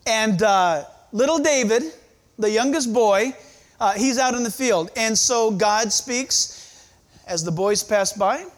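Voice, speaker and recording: A male pastor preaching a sermon in church, emphatic, with dramatic pauses. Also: high voice.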